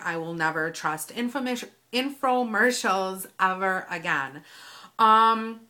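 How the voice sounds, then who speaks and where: A woman's voice: medium pitch, sharp tone. A woman vlogger in her thirties talking casually and candidly to camera, with plenty of fillers. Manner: chatty and candid, with lots of fillers. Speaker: beauty vlogger. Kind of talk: casual vlog talk.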